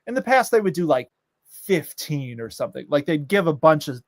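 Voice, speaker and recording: This is a man co-hosting a laid-back chat show. His voice sits a bit high for a man. He rambles and rants freely and leans on filler words, and the sound is dry with no room echo. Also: big pitch swings, a little fast. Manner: ranting, exasperated. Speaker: podcast co-host. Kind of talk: casual chat.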